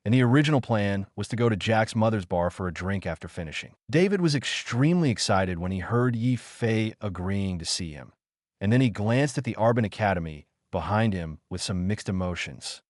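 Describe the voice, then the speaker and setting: Guy narrating an audiobook, lowish voice that moves around a lot, dry close sound. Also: animated, brisk, no room sound. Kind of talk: scripted narration.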